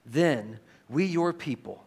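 A man preaching a sermon as pastor, reading scripture aloud with strong emphasis and an animated delivery. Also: on the high side, slow pace, breathy edge.

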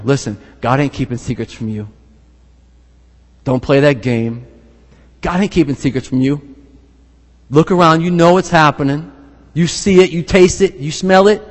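A middle-aged man pastor preaching a lively sermon, reading scripture aloud and stopping to laugh and exhort. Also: on the high side, normal speed, pauses often. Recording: long hall reverb.

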